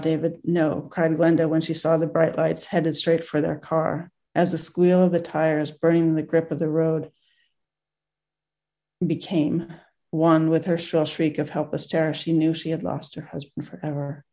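A group teacher reading a moving story aloud in a gentle way, with pauses and restarts. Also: medium pitch.

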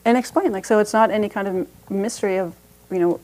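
A woman's voice: mid-range voice, quick pace, darkish tone. A woman teaching a parenting class as a meditation teacher, talking conversationally with frequent restarts and light laughs.

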